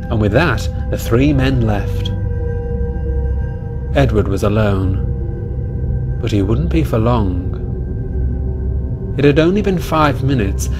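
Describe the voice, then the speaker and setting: A man narrating a storybook tale in a measured, calm way. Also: fairly low pitch.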